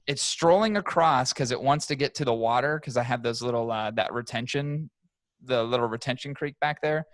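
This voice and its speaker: A young man, a podcast co-host, telling a profane, animated story in casual chat. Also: medium pitch, brisk, no room sound.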